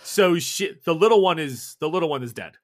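A man's voice: on the high side, animated, brisk. A man narrating as game master of a tabletop horror game, describing scenes with frequent restarts.

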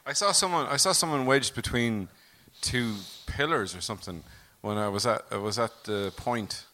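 Wry man, bright voice. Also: mid-range voice, normal speed, a little hiss or hum. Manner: wry, teasing. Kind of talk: casual comedy chat.

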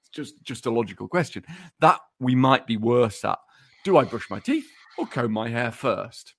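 A man's voice: mid-range voice, very animated, normal speed. A man co-hosting a podcast, teasingly reading out research in a mock-lecturing way and laughing as he talks. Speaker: podcast co-host presenting research. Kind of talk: casual podcast banter.

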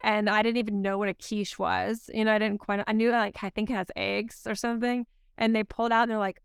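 A woman's voice: mid-range voice, little pitch movement, brisk, vocal fry, clean tone, no echo, clean studio sound. A woman co-hosting a podcast in casual chat, rambling and filling her speech with "like". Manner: rambling, heavy use of "like". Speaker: podcast co-host.

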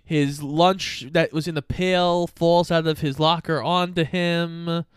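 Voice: mid-range voice, fairly even intonation, slow pace, clear, resonant tone, no echo. A podcast co-host making dry, sarcastic comments while recapping a movie. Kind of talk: casual movie recap chat.

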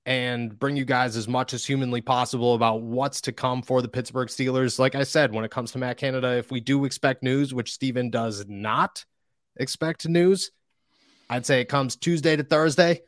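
A man's voice: medium pitch, steady tone, moderate pace, no room sound, studio quality. A young man hosting a casual sports podcast, talking loosely and acting out voices of the people he quotes. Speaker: podcast host.

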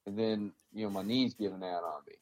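A man's voice: fairly low pitch, steady tone, fairly quick, a little mellow, rough recording. Blunt, profane male army veteran. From American South. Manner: blunt and profane, rambling with many fillers. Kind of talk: casual interview storytelling.

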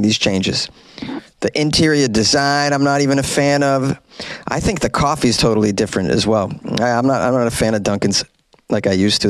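A man's voice: on the low side, no echo. A man hosting a casual comedic news commentary, reading headlines and riffing with joking asides.

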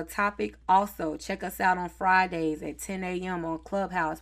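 A woman from North Carolina with a Southern accent, hosting a podcast in a chatty, easygoing, slangy way. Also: lowish voice. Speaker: podcast host. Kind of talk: casual podcast chat.

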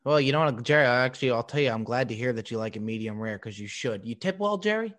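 A man's voice: mid-range voice, lively intonation, fast talker, a bit bright. A man hosting a podcast, ribbing his guest in a teasing, hyped-up casual chat. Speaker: podcast host.

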